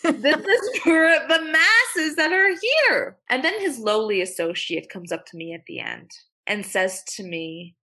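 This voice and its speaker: Young woman attorney guest, forthright and salty-mouthed, raised voice with a raspy edge. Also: on the high side, a little slow, pushed and bright. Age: young adult. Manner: blunt, emphatic, swears freely. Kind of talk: podcast interview.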